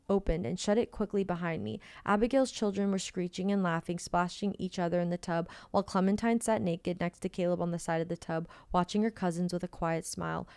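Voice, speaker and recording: A woman co-host reading a novel aloud in a steady first-person narration. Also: on the low side, clean tone, dry recording. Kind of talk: reading a novel aloud, then casual chat.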